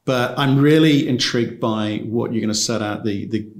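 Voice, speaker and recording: A man's voice: medium pitch, normal speed, reverberant. A man interviewing a company executive in a dry, understated way. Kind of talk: investor interview.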